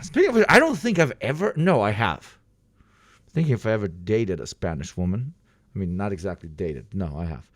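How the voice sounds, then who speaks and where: A young adult male streamer chatting casually with his viewers, swearing freely and swinging from exaggerated outbursts to low mutters. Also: very animated, a little fast, no room sound, studio quality. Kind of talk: casual live stream chat.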